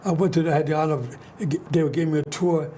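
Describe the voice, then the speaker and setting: A man's voice: on the high side, fast talker, warm tone, a little hiss or hum. An older man from New York hosting a talk show, telling rambling stories with many restarts. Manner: rambling, restarts often, storytelling. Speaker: host. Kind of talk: casual chat.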